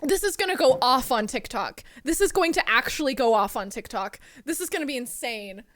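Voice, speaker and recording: A high-pitched young-sounding woman streaming from home, chatting with viewers in a bubbly, excitable way. Her voice is close and dry, with no room sound around it. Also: fairly quick, dry recording. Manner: excitable, giggly, swears casually. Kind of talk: casual live-stream chat.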